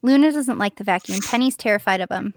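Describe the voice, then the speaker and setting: A woman's voice: medium pitch, fast, no echo. A woman co-hosting a podcast, chatting casually and laughing often while she teases her co-host. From Colorado. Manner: laughing, teasing banter. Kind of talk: casual chat.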